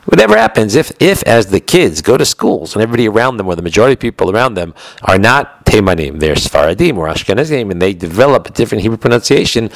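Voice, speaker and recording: A man with an American accent giving a lesson on Jewish law, explaining in a quick, conversational way with frequent restarts. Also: on the low side, no echo, poor audio. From United States. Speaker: Torah teacher.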